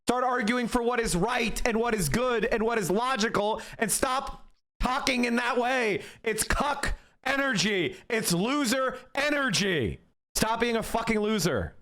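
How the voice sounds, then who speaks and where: High-pitched profane ranting man. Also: lively intonation, a little slow, pushed and bright. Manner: profane, combative, mocking. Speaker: political commentary streamer. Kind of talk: heated political rant.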